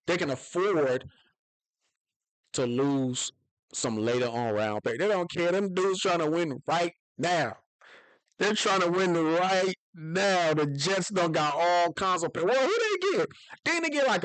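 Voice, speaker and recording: A young man talking through football on his own in a loose, rambling way. He keeps restarting sentences, and now and then his voice jumps way up with excitement. His voice sits a little high for a man, and the room sounds close and dry. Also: no room sound, low-quality recording. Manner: rambling, self-interrupting, excitable with sudden high outbursts. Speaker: football channel host. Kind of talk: casual solo commentary.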